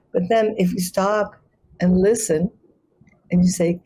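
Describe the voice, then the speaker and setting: A woman who teaches chanting, explaining pronunciation and demonstrating sounds slowly in a conversation over a video call. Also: mid-range voice, steady tone, a little mellow, poor audio. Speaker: guest, sacred chant artist and yoga teacher.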